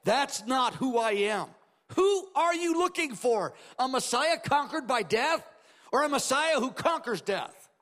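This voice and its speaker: A man preacher voicing a gentle but firm divine teacher who speaks with calm, pastoral questions. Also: extremely high pitch, measured pace, voice pushed up, full character voice. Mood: questioning. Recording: long hall reverb.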